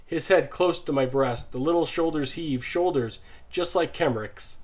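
A man reading a novel aloud as an audiobook narrator, measured and sinking low and soft in grim passages.

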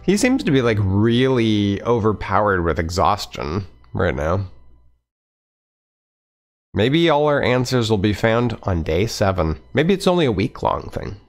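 Let's player, man, lowish voice, reads narration and chats, faint music under. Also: sing-song, a little slow. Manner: conversational, wry asides. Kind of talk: reading a visual novel aloud with commentary.

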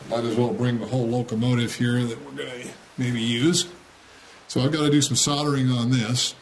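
A model railroad hobbyist walks through a hobby build in a casual, plain-spoken tutorial, asking "okay?" after every step. His mid-range voice keeps fairly even intonation at a normal speed.

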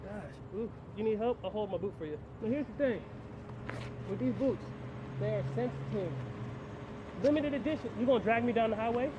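A man's voice: high voice, fairly quick, dull audio. A man being arrested in an outdoor car park, joking and rambling in playful banter. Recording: noisy outdoor street recording with traffic.

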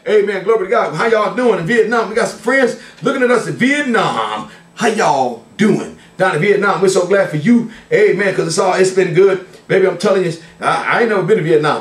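A man's voice: high voice, animated, a little fast. An older man, a pastor, greeting his family and viewers in a playful, folksy way, peppering his talk with "glory to God" and "amen". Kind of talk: church service shout-outs. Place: church sanctuary. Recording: echoey church sound from a distance.

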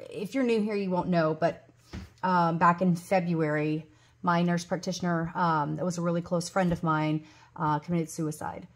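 A woman in her forties chatting casually to her vlog audience, rambling with lots of ums and restarts, and gushing over gifts. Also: on the low side. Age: 40s. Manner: gushes loudly over gifts. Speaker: budgeting vlogger.

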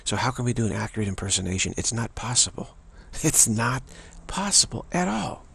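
Very husky, gravelly-voiced man musing. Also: mid-range voice, big pitch swings, fairly bright tone. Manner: halting, repeats words and restarts often. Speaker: spiritual teacher. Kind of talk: reflective spiritual monologue.

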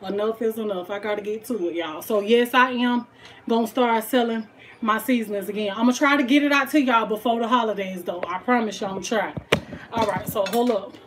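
A young woman chats animatedly about her home cooking. Her voice sits a little high, and she scatters exclamations throughout her casual talk. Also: a little fast, slight background noise. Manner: animated, exclaims "child, honey" often. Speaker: cooking vlogger. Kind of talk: casual chat to viewers.

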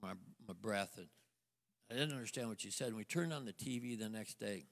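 A man's voice: lowish voice, gravelly. Man telling his story in a reverberant church. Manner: storytelling, halting restarts, acts out quoted voices. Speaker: guest minister. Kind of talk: sermon testimony to a congregation. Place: church sanctuary. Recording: long church hall reverb.

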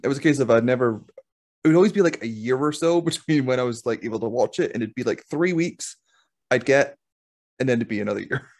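Calm young man, easygoing. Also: mid-range voice, quick pace. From Scotland. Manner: calm, easygoing, laughs at himself. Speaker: wrestler, podcast guest. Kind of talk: casual interview chat.

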